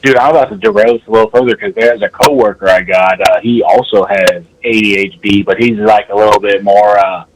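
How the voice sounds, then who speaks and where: A man's voice: on the low side, steady tone, fairly quick, hardly any pauses, low-quality recording. Guy calling in on his phone, rambly, keeps losing track, faint background hiss. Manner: rambling, loses his train of thought. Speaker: caller. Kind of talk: casual chat. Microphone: phone with earbud, then speakerphone.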